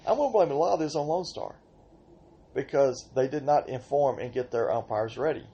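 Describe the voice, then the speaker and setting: An older man hosting a podcast, telling softball stories in an exasperated, ranting way with sudden outbursts. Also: mid-range voice, brisk, highs cut off. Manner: exasperated storytelling, rhetorical outbursts. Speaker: podcast host and senior softball player. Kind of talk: casual podcast rant.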